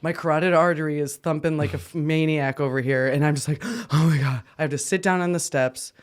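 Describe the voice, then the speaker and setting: An anxious man co-hosting a podcast, telling stories in an animated way, laughing often and jumping up in pitch when worked up. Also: quick pace, smooth. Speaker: podcast co-host. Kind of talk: casual chat.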